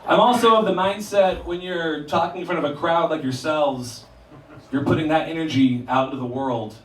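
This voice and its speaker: A man's voice: a little high, normal speed, slight background noise. A young man doing a profane, self-deprecating stand-up comedy set in a small theater, acting out other people's voices. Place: small theater, live audience. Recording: roomy live room mic from a distance, loud crowd laughter. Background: audience laughter.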